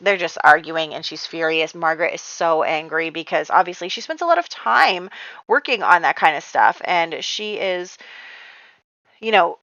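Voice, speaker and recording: A chatty woman rambles through a life-simulation gameplay session, laughing often as she recounts what happens. Her voice is low-pitched but bright. The recording is dry and a little dull, as from a home setup. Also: moderate pace, no room sound. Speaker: gaming YouTuber. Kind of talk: casual gameplay commentary.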